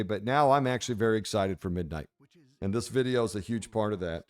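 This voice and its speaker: Brash, profane gaming host. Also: male voice, fairly low pitch, lively intonation, fast. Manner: brash, profane, mock-preachy. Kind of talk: casual game commentary.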